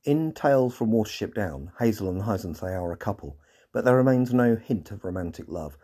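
A man's voice: lowish voice, animated, a little fast, warm tone, slightly rough. A man hosting a podcast, reading a scripted episode recap with dry, sarcastic asides. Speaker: podcast host and narrator.

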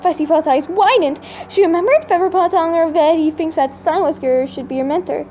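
A woman reading her own fan story aloud, halting now and then to restart and fix words. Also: very high voice, mellow, a little hiss or hum. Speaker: storybook reader.

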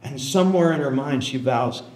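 A man, a historian, tells an animated story to an audience and keeps checking in with them. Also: medium pitch, moderate pace. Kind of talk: storytelling lecture. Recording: roomy hall echo.

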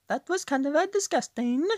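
A woman putting on a goofy, squeaky gamer voice, dropping "uh" fillers between her words. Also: bright, forceful tone, dry recording, studio quality, exaggerated voice. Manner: stretched words with "uh" fillers between them, playful. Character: goofy squeaky over-the-top gamer voice, adult. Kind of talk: playful put-on voice while gaming.

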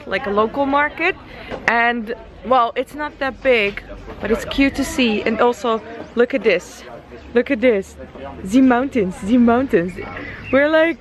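Bubbly young woman vlogging outdoors. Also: fairly high pitch. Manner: bubbly and gushing, laughs often. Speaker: travel vlogger. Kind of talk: casual travel vlog. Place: outdoors in countryside and indoors at breakfast.

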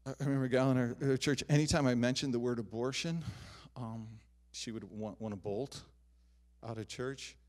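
A middle-aged man preaching a sermon as pastor, swinging from loud emphatic declarations to soft, quiet asides. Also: medium pitch, normal speed. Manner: animated preaching, rising loud on emphatic lines, dropping soft on personal asides. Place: church sanctuary.

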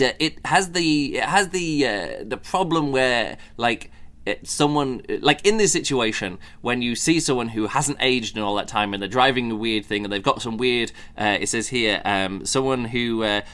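A man's voice: medium pitch, a bit bright. A man hosting a podcast, giving a casual spoken book review in a rambling way, with many fillers and restarts, now and then mimicking characters mockingly.

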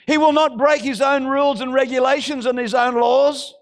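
A male pastor, preaching a fervent sermon that bursts into shouting. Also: very high voice, steady tone, moderate pace. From Australia.

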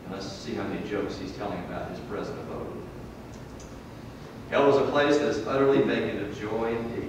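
A man preaching a sermon in a church, swinging from loud emphatic peaks to low, quiet drops. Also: steady tone, fairly quick, heavy background noise. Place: church hall. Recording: echoey hall from far off.

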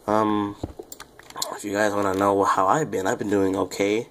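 A young man with a lowish, quiet voice that seems to drift away from the microphone, chatting loosely to his viewers as he plays. He rambles, apologizes, and pokes fun at himself. Faint keyboard clicks tick along beneath him. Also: level tone, normal speed, slight background noise. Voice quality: low, quiet voice that sounds off-mic. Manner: rambling, self-deprecating, chatty asides to viewers. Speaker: gaming YouTuber. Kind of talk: casual Let's Play commentary.

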